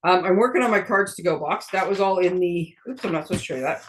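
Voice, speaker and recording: A woman's voice: on the low side, fast talker, slight background noise. Chatty woman hosting a craft tutorial. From Canada. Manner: chatty, rambling, often laughing at herself. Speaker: stamping demonstrator and card-making host. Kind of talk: casual craft tutorial chat.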